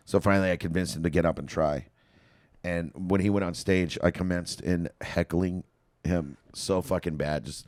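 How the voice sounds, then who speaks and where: A man's voice: sits low, fairly even intonation, moderate pace, darkish tone, no room sound, studio quality. A man telling profane stand-up stories in casual podcast chat, laughing and acting out the people in them. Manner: profane, laughing storyteller who acts out quotes.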